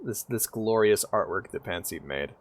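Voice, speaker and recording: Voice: low-pitched, expressive, moderate pace. A VTuber streamer giving casual live gameplay commentary, playful and giggly, swearing casually and meowing now and then.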